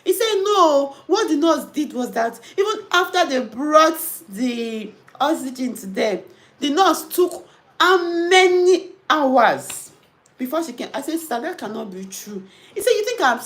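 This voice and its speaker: High-voiced Nigerian woman, chatty storyteller. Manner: animated storytelling, mixing in pidgin. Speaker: nurse and host. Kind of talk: casual chat reading comments.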